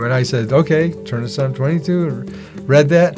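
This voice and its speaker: A man's voice: mid-range voice, moderate pace, darkish tone, faint music behind. Man telling his testimony. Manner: storytelling, acts out quoted voices. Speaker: testimony speaker. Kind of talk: personal testimony.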